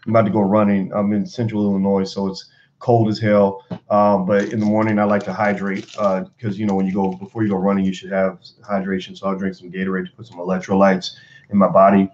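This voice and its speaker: A man's voice: low-pitched, monotone, fast talker, darkish tone, muffled recording. A man in his forties from Kentucky, giving a rambling, motivational livestream talk from home at his computer. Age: 40s. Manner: rambling, motivational, many fillers. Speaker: motivational vlogger.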